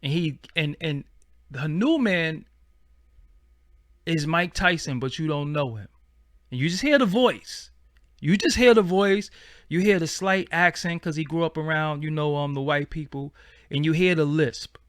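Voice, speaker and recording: A man's voice: fairly high pitch, unhurried, no room sound, clean studio sound. A man, hosting a casual livestream and chatting in a slangy, rambling way. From Brooklyn, New York. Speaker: channel host.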